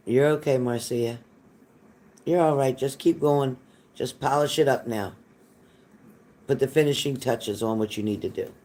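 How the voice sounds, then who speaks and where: A man hosts a live-stream psychic reading in a medium-pitched, darkish voice, speaking unhurriedly and pausing often. He comes across as reassuring and folksy, repeating phrases and calling viewers honey.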